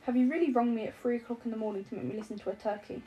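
Woman doing a deadpan young man. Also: a little high, very fast, muffled recording, close to an everyday voice. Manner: deadpan, mock solemn. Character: drowsy dry-witted young man, teasing.

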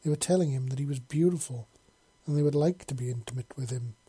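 A man's voice: mid-range voice, fast, warm tone, husky, no echo. A man reading a fan-fiction story aloud in a casual way, with frequent slips and restarts. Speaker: narrator.

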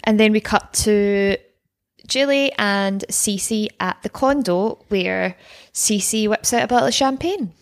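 Woman, podcast co-host, chatty and wry, mid-pitched. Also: slow pace. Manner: chatty, wry, laughs often. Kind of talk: casual recap chat.

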